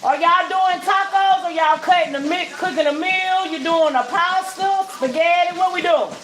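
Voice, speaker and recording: High-voiced chatty woman cooking. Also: moderate pace, fairly bright tone, a little hiss or hum. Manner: chatty, salty-tongued, talks straight to viewers. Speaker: home cook vlogger. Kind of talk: casual cooking vlog. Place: home kitchen. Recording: echoey kitchen with frying sizzle.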